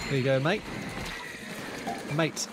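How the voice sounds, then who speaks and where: A man with a New Zealand accent commentating his own gameplay, excitable, with frequent exclamations and self-deprecating asides. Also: mid-range voice, slow pace, background noise. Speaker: gaming YouTuber. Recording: game music playing underneath.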